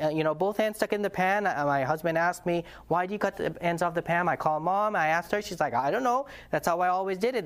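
A man voicing a young newly married woman who is puzzled as she tells her grandmother what happened. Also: sits high.

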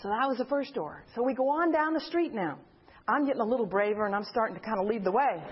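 A woman's voice: a little high, fast talker, breathy edge, dull audio. A woman from a church group telling a personal story to an audience, acting out the voices of the people in it. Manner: animated storytelling, acts out quoted voices. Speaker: church member giving a testimony.

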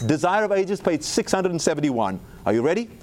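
A man preaching a sermon, asking the audience questions and slowing down to read quotes with emphasis. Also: a little high, big pitch swings, darkish tone.

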